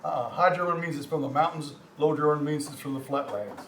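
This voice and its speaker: An older man with a Texan accent teaches a community language class. He lectures from slides in a halting, folksy way, often repeating words and joking with the class. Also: on the high side, fairly bright tone. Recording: roomy, distant mic, faint hum.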